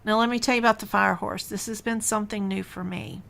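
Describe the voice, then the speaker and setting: A woman hosting a reflective spiritual podcast, talking in an unhurried, musing way with sighs and soft laughs. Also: medium pitch, steady tone, gravelly. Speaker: podcast host and spiritual teacher.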